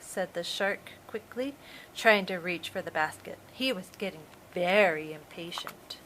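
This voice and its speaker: A woman, a preschool teacher, reading a storybook aloud to young children in a slow, expressive way. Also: fairly low pitch, a little hiss or hum, poor audio.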